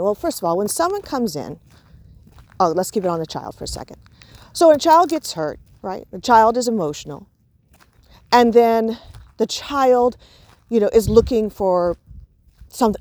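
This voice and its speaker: A woman's voice: medium pitch, darkish tone, dry recording. A woman giving an informal spoken lesson on parenting, explaining with examples and filling her talk with "you know" and "right". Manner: explains with examples, acts out soothing talk to a child. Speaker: parenting and emotions teacher.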